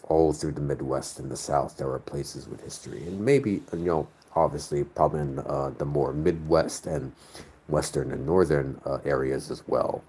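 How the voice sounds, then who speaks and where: An extremely low-pitched, husky yet warm male voice, speaking at normal speed. He is from the northern US and hosts a casual live chat, working through viewer comments while rambling and searching aloud for his words.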